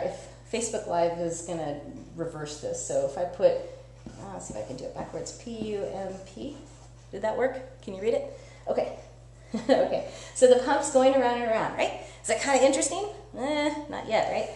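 A woman science educator giving a lively live-streamed teaching demo, chatty and upbeat, often checking in with "right?". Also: mid-range voice. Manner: energetic, chatty, asks listeners "right?". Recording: echoey room with faint hum.

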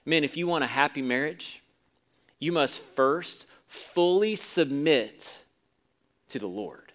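A man preaching a sermon to a congregation, telling a story with the voices of its people and moving between soft, low passages and loud, emphatic ones. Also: animated, slow pace. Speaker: pastor.

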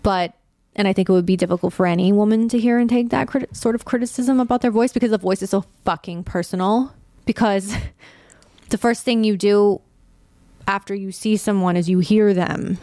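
A young woman talks straight into a close mic in a dry, deadened space. She is candid and casual, with a touch of vocal fry and loose, unpolished phrasing. Her pitch sits right in the middle for a woman. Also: moderate pace, warm tone, dry recording. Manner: candid, conversational, swears casually. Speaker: podcast host. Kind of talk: personal podcast monologue.

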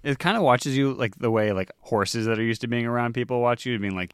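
A man's voice: medium pitch, fairly quick, clean tone. A man narrating as the game master of a tabletop game in a loose, chatty way with many fillers.

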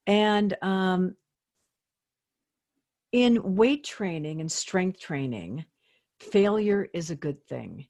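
An older woman, a fitness expert, speaking as a guest in an interview in a lively, earnest, motivational way. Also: fairly low pitch, drawn-out words, long pauses. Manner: lively, acts out quoted inner voices. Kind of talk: conversational interview.

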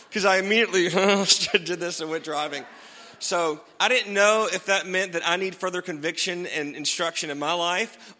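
Male pastor, bright and slightly high voice, chatty sermon delivery, reverberant hall. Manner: conversational, self-deprecating, laughs often.

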